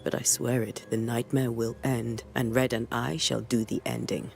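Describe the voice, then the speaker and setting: An actor voicing a stern, resolute ghost hunter who speaks in a grave, measured way. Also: male voice, medium pitch, little pitch movement, gravelly, a little hiss or hum, close to an everyday voice. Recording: game audio with music.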